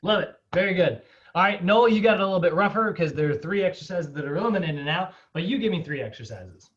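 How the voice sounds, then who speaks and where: A man's voice: high voice, expressive, quick pace, a bit bright. Upbeat man teaching an online class. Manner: casual, upbeat, chatty with fillers and laughs. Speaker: fitness instructor. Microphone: video call. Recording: dull lo-fi video call audio.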